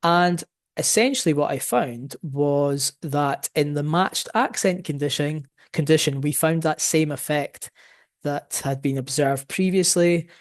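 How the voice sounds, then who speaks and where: A man's voice: fairly high pitch, unhurried. A man presenting his research in an academic talk, explaining his findings and thinking aloud as he goes.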